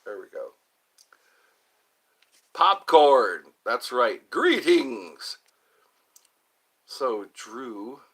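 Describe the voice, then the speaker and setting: Husky older man chatting slowly on stream. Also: medium pitch, very animated, fairly bright tone, low-quality recording. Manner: rambling, playful, sounds out names slowly. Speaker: live stream host chatting with viewers. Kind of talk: casual live stream chat.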